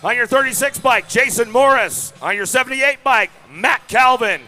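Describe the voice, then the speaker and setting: A man's voice: extremely high pitch, normal speed, bright, forceful tone, faint music behind. A man calling a BMX race live, hyped, reading out riders by bike number. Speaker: race announcer. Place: outdoor BMX track.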